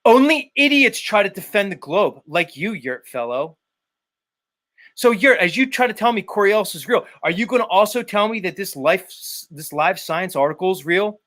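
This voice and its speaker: A man's voice: high-pitched, animated, moderate pace, a bit bright. Combative, profane male streamer. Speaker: livestream host. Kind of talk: ranting commentary.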